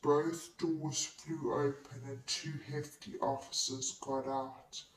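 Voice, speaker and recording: An audiobook narrator reads a novel in the first person, steady and measured. The pace is slow and unhurried. The voice echoes around a roomy space and sounds distant from the microphone. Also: medium pitch. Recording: roomy echo, distant mic.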